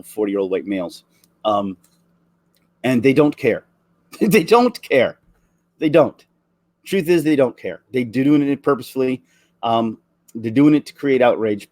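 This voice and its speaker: A man in his forties delivering an earnest, emotional opinion rant, halting and restarting his sentences. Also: on the low side, darkish tone, no room sound. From Canada. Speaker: vlogger.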